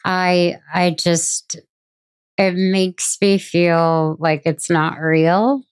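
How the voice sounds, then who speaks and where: A woman in her thirties, a podcast guest, talking candidly and haltingly. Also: lowish voice, steady tone, smooth, no room sound. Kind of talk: casual podcast conversation.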